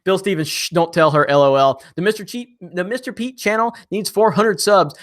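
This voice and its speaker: A young man hosts a casual live stream, reading out viewer comments and joking back at them. His voice sits a touch high and sounds bright and forward. His delivery is animated, full of quick asides to chat.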